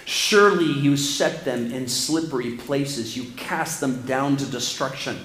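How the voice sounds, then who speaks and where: A man preaching a sermon, reading scripture aloud and rising to near shouts as he presses his points. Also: mid-range voice, a little slow, few pauses, roomy sound, long reverb tail.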